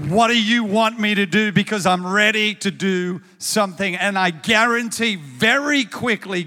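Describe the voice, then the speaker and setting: A man's voice: mid-range voice, fairly bright tone, long reverb tail. A man preaching a sermon as pastor, in a conversational way that often repeats words as he starts a thought.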